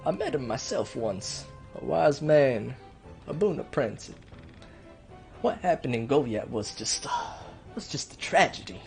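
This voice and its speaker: A man voicing a pompous, scheming middle-aged duke in a game let's play, with a nasal, weaselly twang and formal, drawn-out courtly speech. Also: medium pitch, very animated, gravelly, faint music behind. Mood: commanding.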